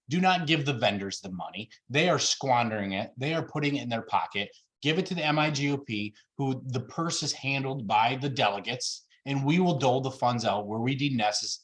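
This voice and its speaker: A man making an emphatic campaign pitch on a video call, getting worked up, with frequent fillers. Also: fairly bright tone. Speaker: party officer candidate presenting plans.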